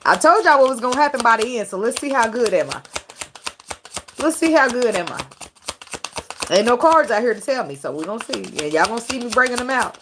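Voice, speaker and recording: A woman's voice: a little high, lively intonation, fairly quick, noisy background. A woman tarot reader talking casually to her viewers, preachy and profane, and emotional about her faith. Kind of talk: casual tarot reading monologue.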